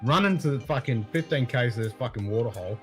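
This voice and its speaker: A man's voice: mid-range voice, lively intonation, fast, over music. A man co-hosting a casual chat, laid-back and agreeable, swearing freely as he tells stories.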